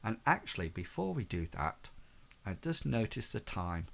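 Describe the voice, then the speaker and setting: A man's voice: on the low side, sing-song, moderate pace, creaky. A man narrating as game master, rambling and full of "sort of, like" fillers.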